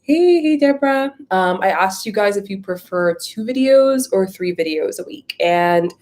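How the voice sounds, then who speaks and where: A woman's voice: mid-range voice, lively intonation, moderate pace, a little mellow. A woman hosting a live Q&A and chatting casually with viewers, out of breath, greeting them by name, with many likes and ums. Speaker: spiritual coach hosting a live Q&A. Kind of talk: casual livestream chat.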